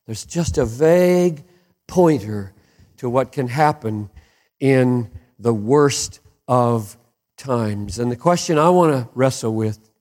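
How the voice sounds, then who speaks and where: A man preaching a sermon with passion, dropping to hushed lows and rising to emphatic peaks. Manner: impassioned, swings from hushed to soaring emphatic peaks. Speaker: pastor.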